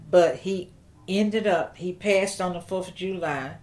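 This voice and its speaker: An older woman tells a personal story during an interview, speaking slowly and reflectively and restarting in halting fashion. Her pitch sits fairly low and her tone is darkish.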